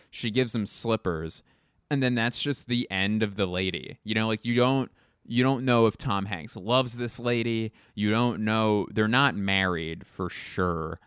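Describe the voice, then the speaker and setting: Young dude podcast host, low voice, rambly and snarky, swears a lot, dead dry sound. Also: male voice, a little slow, a bit bright, clean tone, dry recording. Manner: rambling, sardonic, swears casually. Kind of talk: casual comedic monologue.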